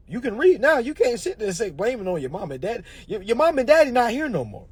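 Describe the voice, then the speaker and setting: A high-pitched, husky man lectures his viewers in a loose, profane rant. His voice leaps all over, keeps checking in with "all right? okay?", and lurches from hushed asides to outbursts. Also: wildly swooping pitch, quick pace, hardly any pauses, dry recording. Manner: dramatic swings between murmurs and shouts. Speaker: social media commentator. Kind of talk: casual ranting monologue.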